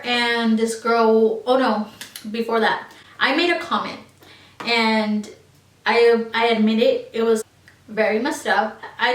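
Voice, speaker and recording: A young woman with a slightly high voice tells a storytime vlog in a loose, rambling way, full of likes and ums. Her voice sits a little back from the mic in an echoey room. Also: recorded from a distance. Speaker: beauty vlogger. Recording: roomy echo, voice a little off-mic.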